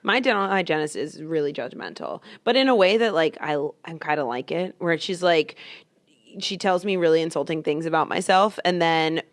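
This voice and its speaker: A woman's voice: deep voice, animated, normal speed. A woman in her twenties, a podcast co-host, in casual chat, telling stories with a laughing, self-mocking manner. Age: 20s. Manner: chatty, laughing self-mockery.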